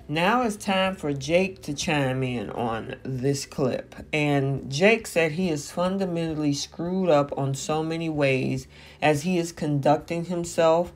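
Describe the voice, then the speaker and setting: Recap host, casual commentary, chatty, loose phrasing, frequent fillers, middle pitch.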